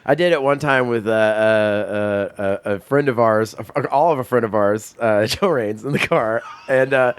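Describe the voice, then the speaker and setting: A man telling stories in a casual comedic chat on a podcast, laughing often and shouting out quoted lines. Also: mid-range voice, normal speed, hardly any pauses, clear, resonant tone.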